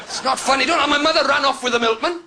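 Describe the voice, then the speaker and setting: A Welsh man doing a stand-up set on a club stage, chatting and teasing the crowd with sudden loud outbursts. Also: very high voice, fast talker. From Wales. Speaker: stand-up comedian. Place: comedy club stage before a live audience. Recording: noisy live club recording.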